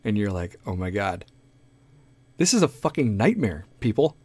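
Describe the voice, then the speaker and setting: A man's voice: on the low side, normal speed, breathy edge, no echo. Profane ranting man, dry close sound. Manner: profane, rambling, animated. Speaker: podcast host. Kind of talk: comedic rant.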